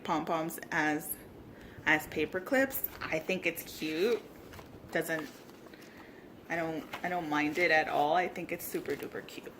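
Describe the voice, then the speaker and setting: A woman vlogging a casual craft tutorial, gushing and bubbly, at times dropping to soft whispers. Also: fairly low pitch, slight background noise.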